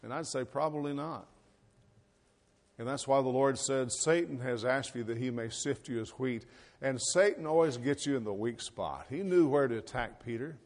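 A middle-aged man delivers a sermon in a folksy, conversational manner. He reads scripture aloud and then talks it through, posing rhetorical questions to his listeners. His voice sits in an ordinary middle pitch. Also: moderate pace. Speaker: pastor.

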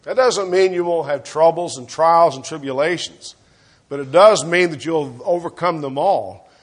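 Earnest man preaching, voice sinking softly. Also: moderate pace. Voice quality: clears his throat often. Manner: earnest preaching, dropping low and soft at phrase ends. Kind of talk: sermon.

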